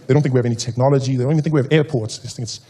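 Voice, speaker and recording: A man from South Africa performing a stand-up comedy set, animated and acting out other people's voices. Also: medium pitch, rapid-fire, slight background noise.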